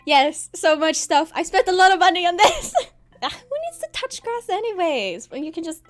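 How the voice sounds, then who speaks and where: An extremely high, sing-song voice at a moderate pace belongs to a young VTuber showing off her avatar on stream. She giggles and exclaims her way through bubbly, excitable, playful chatter.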